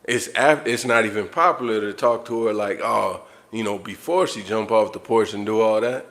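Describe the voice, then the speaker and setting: Man, lowish voice, livestream rant, blunt, profane, repetitive. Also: normal speed, fairly bright tone. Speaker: livestream host. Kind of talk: unscripted livestream monologue.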